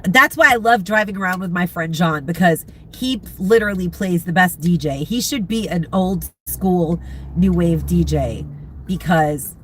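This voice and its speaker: A middle-aged, congested woman chatting casually with viewers from inside a car, rambling and pausing to recall names. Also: lowish voice, slight background noise. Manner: rambling, chatty, searching for names, frequent laughs. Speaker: vlogger chatting with live viewers. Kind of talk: casual chat.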